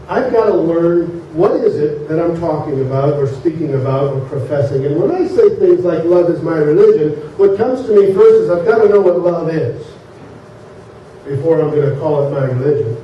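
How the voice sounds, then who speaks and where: A male minister giving a sermon in a casual, joke-telling way, often pausing with fillers as he speaks. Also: on the high side, a little hiss or hum. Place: church sanctuary. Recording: echoey far-off dull sanctuary recording.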